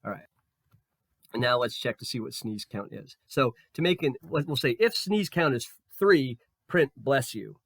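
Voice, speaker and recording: A man with a slightly hoarse voice explains code in a screen-recorded tutorial. He talks in a relaxed way while he works, with fillers and restarts. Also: mid-range voice, moderate pace, no room sound. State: slightly hoarse, losing his voice. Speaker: programming tutor.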